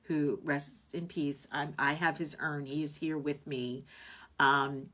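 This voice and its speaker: A woman's voice: sits low, little pitch movement, takes it slowly, fairly bright tone. A woman hosting a live online talk show, chatting casually and reading viewer comments aloud. She speaks in a heartfelt, rambling way, full of fillers and restarts. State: tearful at moments.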